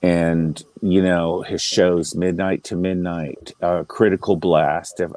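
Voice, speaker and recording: A man's voice: low-pitched, dark tone, no room sound, rough recording. A man speaking in a casual online panel chat, paying an emotional tribute and often stopping and restarting as he talks. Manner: halting, emotional, with many restarts.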